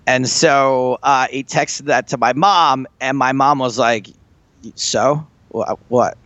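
A man co-hosting a podcast, telling a long family story in casual chat, rambling and animated. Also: mid-range voice, unhurried, dry recording, highs cut off. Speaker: podcast co-host.

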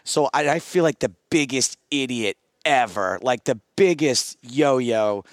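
A man's voice: mid-range voice, measured pace, no room sound, studio quality. A man in his thirties on a podcast, telling rambling, self-mocking stories in casual chat, often restarting his sentences. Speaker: podcast co-host.

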